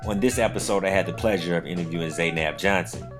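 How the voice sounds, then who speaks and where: A man hosting a podcast interview in a casual, slangy way, with playful jumps into high-pitched laughing impressions. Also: quick pace, over music. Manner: laid-back slangy talk, bursts into high laughing impressions. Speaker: podcast host.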